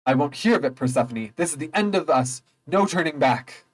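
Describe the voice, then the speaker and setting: A man's voice: a little high, animated, a little fast. A man voicing a stern male god of the underworld who speaks in a grand, formal, commanding way, in a game.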